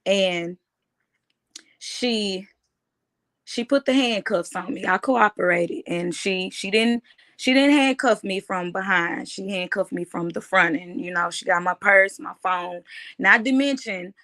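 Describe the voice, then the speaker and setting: A woman, giving a halting, emotional personal account in an interview, often restarting her phrases. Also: mid-range voice, a bit bright. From United States. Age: 30s.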